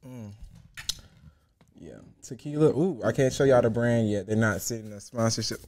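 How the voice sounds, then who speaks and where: A young man hosting a comedic story time, animated and profane, jumping from loud outbursts to hushed asides. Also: mid-range voice, moderate pace, background noise. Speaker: host.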